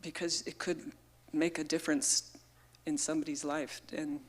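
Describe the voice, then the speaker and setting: A woman's voice: sits low, level tone, moderate pace. A middle-aged woman giving an earnest, heartfelt memorial tribute into a microphone at a gathering, her voice emotional. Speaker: memorial speaker.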